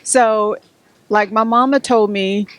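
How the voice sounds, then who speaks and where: A woman's voice: mid-range voice, fairly even intonation, slow, a bit bright, dry recording. A middle-aged woman, answering interview questions as an author in a storytelling way. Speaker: author and guest.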